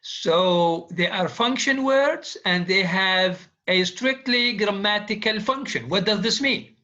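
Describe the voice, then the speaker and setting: In a dull, lo-fi classroom recording, a man lectures on linguistics, repetitively going over key phrases and drilling students with quiz questions. His voice is high, bright, and forceful, and he takes things slowly.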